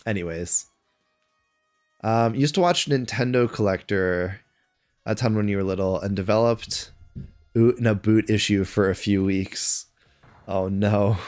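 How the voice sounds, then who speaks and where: A man with a Canadian accent, chatting casually on a live stream and answering viewers' questions aloud. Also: lowish voice. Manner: chatty, answers chat questions aloud between game moments.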